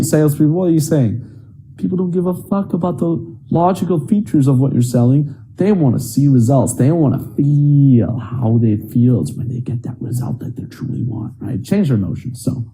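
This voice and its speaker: A man's voice: fairly high pitch, warm tone. A young adult man coaching other men on dating in a blunt, emphatic and profane way. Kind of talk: coaching monologue.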